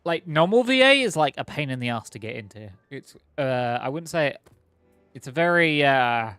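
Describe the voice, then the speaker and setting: A man's voice: mid-range voice, big pitch swings, normal speed, a bit bright, clear, resonant tone, no room sound, soft background music. A man streaming a game, chatting in a rambling, joking, self-mocking way. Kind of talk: casual gameplay commentary.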